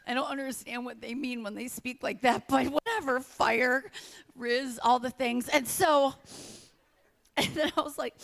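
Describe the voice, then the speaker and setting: A middle-aged woman doing stand-up comedy, telling stories with animated acted-out quotes. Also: high-pitched, a little slow, gravelly. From United States.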